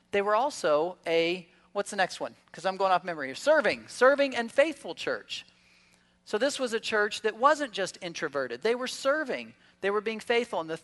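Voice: medium pitch, a bit bright. A pastor giving a church sermon in a conversational way, asking the congregation rhetorical questions and adding humorous asides. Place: church service.

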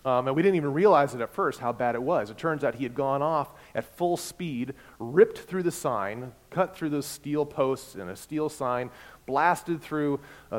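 A male pastor preaches conversationally and tells his story easily. His voice sits at an ordinary middle pitch and swings between loud and soft. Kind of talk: sermon with personal anecdote.

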